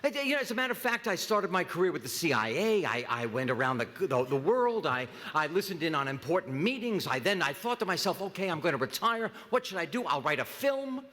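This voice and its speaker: A man voicing a boastful talking male dog in a comic joke, rattling off his story quickly. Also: on the high side, big pitch swings, pushed and bright. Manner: rapid, chatty bragging. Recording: long reverb of a large hall.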